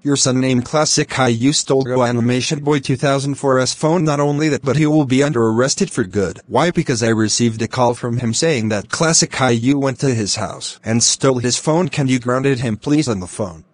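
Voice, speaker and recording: A man's synthetic-sounding voice reading every part of a grounded video in a flat, robotic way. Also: mid-range voice, normal speed, hardly any pauses, no echo. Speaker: narrator voicing all parts. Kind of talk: text-to-speech grounded-video narration.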